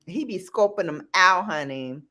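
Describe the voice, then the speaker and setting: A woman with a New York accent hosting a live stream, telling stories in casual, animated chat with loud playful outbursts. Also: on the low side, a little slow.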